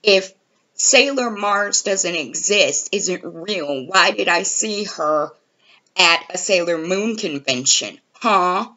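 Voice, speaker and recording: A woman voicing a goofy, clueless teenage boy who insists in a whiny, high voice. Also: lively intonation, slow pace, bright, forceful tone, lo-fi sound, full character voice. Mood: indignant.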